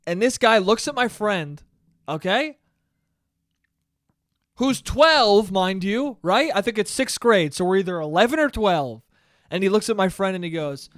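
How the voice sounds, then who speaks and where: A man with a high voice rants his way through a comedic solo podcast story, full of swearing and asides. He talks right into a close mic, and the sound is completely dry. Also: lively intonation, measured pace, fairly bright tone, no echo. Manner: profane, ranting storyteller. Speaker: podcast host.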